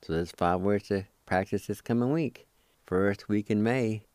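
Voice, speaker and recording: Speaking a little slowly with a fairly low, slightly mellow voice, a man from Oklahoma, United States, teaches vocabulary aloud. As a language teacher and radio host, he breaks words into syllables, spelling and pronouncing each with patient repetition. There's no room sound.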